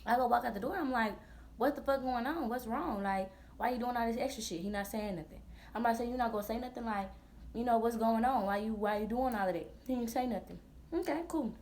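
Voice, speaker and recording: A woman in her twenties, a vlogger telling a storytime in a blunt, profane, animated way full of slang. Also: fairly high pitch, brisk, slight background noise. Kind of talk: storytime vlog.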